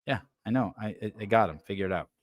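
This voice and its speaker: A man's voice: lowish voice, fast, no echo. Man, podcast host, casual profane riffing, dry close mic sound. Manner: profane, rambling riffs with stammered restarts. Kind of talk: casual livestream commentary.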